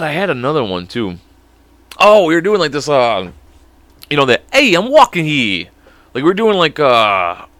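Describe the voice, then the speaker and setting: A young man hosting a podcast who rambles, swears freely and keeps losing his train of thought. His voice is lively, bright and sharp, with a dry, close sound. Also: mid-range voice, no echo. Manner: profane, rambling, quick laughs. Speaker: podcast host. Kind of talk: rambling casual chat.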